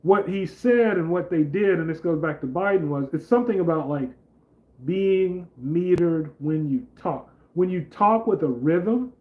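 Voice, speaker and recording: A man's voice: high-pitched, animated, normal speed, hardly any pauses, phone-quality sound. A man hosting a casual political commentary vlog, talking in a rambling, conversational way with lots of fillers. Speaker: channel host.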